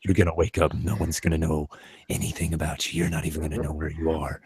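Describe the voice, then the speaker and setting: A man with a very deep, husky voice chimes into a casual chat with growled, mock-menacing asides. His sound is dry and close, with no room echo. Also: completely flat delivery, quick pace, a little mellow. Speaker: stream co-host.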